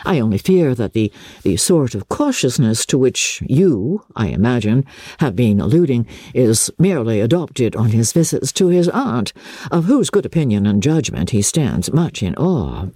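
A woman reading aloud, voicing a charming young male officer who speaks in a low, measured, confiding way. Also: big pitch swings, dark tone, slightly rough, no room sound, studio quality, full character voice.

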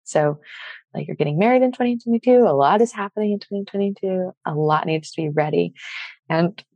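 A young woman tells a personal story as a podcast guest, animated and acting out each exchange of dialogue. Her voice sits a little on the low side. The sound is dry and close, with no room around it. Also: a little fast, dry recording.

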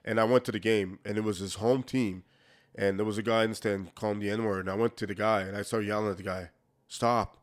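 Speaking fast in a lowish, fairly even voice, this Quebec-born ex-hockey player shares frank stories as an interview guest. He restarts frequently and performs the back-and-forth of quoted conversations in a casual storytelling style.

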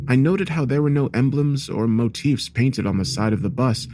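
Man narrating a horror story in a low voice. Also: slight background noise. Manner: steady, measured first-person storytelling.

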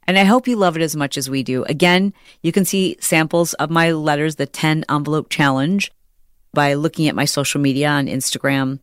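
A middle-aged woman hosting a podcast, telling a story in an animated, chatty way and acting out the people she quotes. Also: sits low, brisk, clean tone, dry recording, clean studio sound. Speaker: podcast host. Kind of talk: casual chat.

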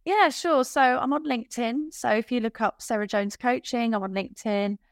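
A woman's voice: fairly high pitch, moderate pace, no room sound. Woman coach chatting on a podcast, laughs a lot, goes off on little tangents, dry close sound. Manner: chatty, laughs easily, self-deprecating asides. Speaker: business coach guest. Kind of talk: casual podcast interview.

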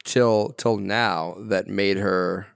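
A man's voice: sits low, fairly even intonation, slow pace, gravelly, clean tone, no echo. A man hosting a casual movie podcast, asking wry questions and moving the talk along. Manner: wry, asks questions and moves the show along. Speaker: podcast host.

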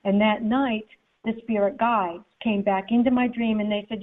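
Animated woman storyteller on a tinny line. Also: medium pitch, moderate pace. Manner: animated, acts out the people in her story. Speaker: guest author. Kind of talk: storytelling in an interview.

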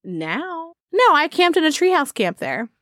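A woman's voice: high voice, big pitch swings, unhurried, a bit bright, no echo. Woman podcast co-host, laughs a lot, playful riffing, dry sound. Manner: giggly, playful, rambling. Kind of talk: casual chat.

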